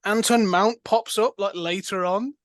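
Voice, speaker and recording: A man's voice: sits high, fairly even intonation, measured pace, a bit bright, no echo. A man chatting casually about a film as a podcast co-host, rambling with many fillers and restarts.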